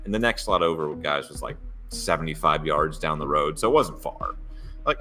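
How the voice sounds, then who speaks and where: A man's voice: lowish voice, brisk, faint music behind. A man co-hosting a sports podcast, telling stories in casual chat and acting out the dialogue. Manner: animated storyteller, acts out dialogue. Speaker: podcast co-host.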